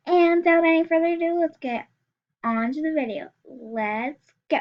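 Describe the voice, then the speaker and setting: Chatty teen girl with a high voice. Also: normal speed. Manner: chatty, rambling, with many fillers and restarts. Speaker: YouTuber. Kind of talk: casual reaction vlog, reading texts aloud. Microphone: screen recorder, built-in mic. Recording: slightly dull lo-fi sound.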